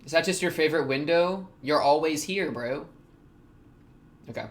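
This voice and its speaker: A young man, reacting to an anime episode in casual commentary, excitable, laughing often and talking back to the characters. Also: a little high, moderate pace.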